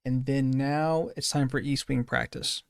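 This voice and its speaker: A man's voice: mid-range voice, steady tone, measured pace, vocal fry, no echo, studio quality. A man giving casual commentary while practicing a game speedrun, thinking aloud, repeating phrases and correcting himself as he plays. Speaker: speedrunner streamer.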